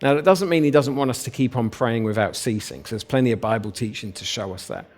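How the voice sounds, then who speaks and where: Man, pastor, informal storytelling sermon, mid-pitched voice, church. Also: fast. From South West London. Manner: informal storytelling with lively acted-out quotes.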